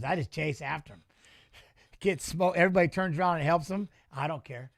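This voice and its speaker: A middle-aged man hosting a fight watch-along, chatting casually and telling animated, swear-laced stories. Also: a little high, moderate pace, pauses often, no echo, clean studio sound. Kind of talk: casual chat reading live chat.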